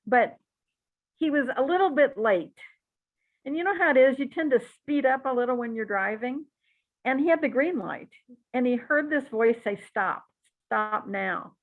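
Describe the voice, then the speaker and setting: A woman teaching a psychic class in a relaxed, chatty and encouraging way, with frequent asides. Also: high-pitched, normal speed. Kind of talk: relaxed spoken class talk. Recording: tinny phone-like audio.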